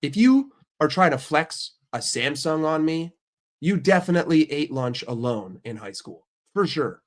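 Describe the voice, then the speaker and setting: A man's voice: on the high side, big pitch swings, a little slow. American guy, stuffy from a cold, casual stream chat, brash, swearing, mock outrage. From United States. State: sick with a stuffy nose.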